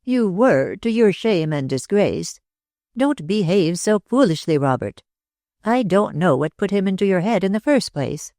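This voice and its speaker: Narrator doing a cold, sharp-tongued aunt for a storybook, dry close read. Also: mid-range voice, very animated, a little slow, no echo, pitched above the performer's own voice. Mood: scornful. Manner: sharp, scornful. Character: stern domineering middle-aged aunt.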